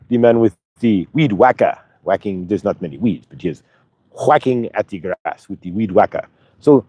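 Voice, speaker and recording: A man's voice: medium pitch, a little mellow, no room sound. A man hosting a spiritual channeling show, coaxing listeners with a stream of rhetorical questions and rambling restarts. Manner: rambling, restarts mid-sentence. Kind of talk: motivational spiritual talk.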